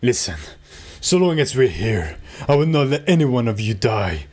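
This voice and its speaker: A man voicing a calm, commanding young male leader in a video game, lecturing in a measured tone. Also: mid-range voice. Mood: stern.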